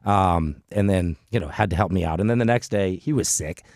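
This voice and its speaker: A middle-aged man hosting a podcast, telling a story in an animated, chatty way with frequent restarts. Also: low-pitched, brisk, dry recording, clean studio sound. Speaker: podcast host. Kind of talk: casual storytelling chat.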